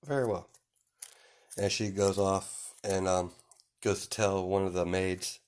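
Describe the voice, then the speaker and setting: A man's voice: deep voice, monotone, a little slow, a little mellow, slight background noise. A young man improvising a fan fiction story aloud, rambling with lots of fillers and small chuckles. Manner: rambling, full of "you know" and "um", chuckling.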